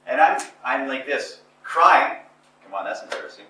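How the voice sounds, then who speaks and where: A man's voice: mid-range voice, expressive, normal speed, pushed and bright, far from the mic, slight background noise. Self-mocking man in an echoey room. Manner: self-mocking storyteller, acts out scenes. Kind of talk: casual talk to a small group. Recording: echoey room, speaker away from mic.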